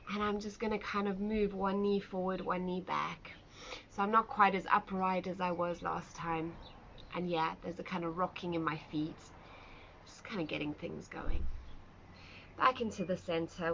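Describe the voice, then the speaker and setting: A woman's voice: mid-range voice, fairly bright tone. A woman teaching a live online pilates class, giving friendly, encouraging movement cues with chatty asides. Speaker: pilates instructor. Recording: slightly dull sound with faint ambient noise.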